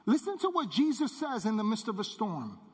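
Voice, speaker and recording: A man preaching a sermon as pastor, emphatic and repetitive, dropping low on key words. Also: big pitch swings, normal speed, slightly rough. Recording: long hall reverb.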